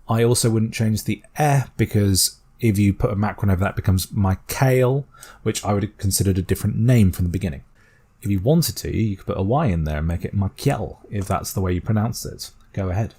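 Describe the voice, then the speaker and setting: A British man explaining a constructed language step by step in a calm, methodical tutorial voice. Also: on the low side, husky. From Britain. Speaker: language teacher.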